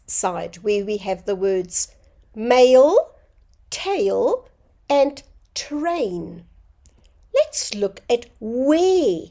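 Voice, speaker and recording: A woman teaching a phonics lesson to young children, sounding out words slowly and clearly. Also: a little high, mellow.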